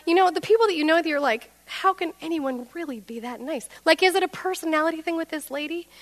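A woman with a fairly high voice preaches through a personal story, acting out each quoted line with lively animation. Her voice rings with a long reverb, as if she is in a large hall. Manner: animated, acts out quoted dialogue.

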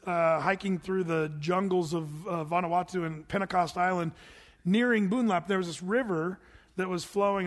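Preaching through the text verse by verse, the middle-aged pastor brings his stories to life, voicing each character with animation. His voice is high, and the sound is that of a big room.

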